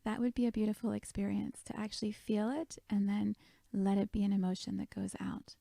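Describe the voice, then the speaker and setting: Gravelly, mellow woman guiding a meditation. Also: medium pitch, flat delivery, fairly quick, dry recording. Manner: soft, gentle, often half-whispered. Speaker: meditation guide. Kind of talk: guided meditation.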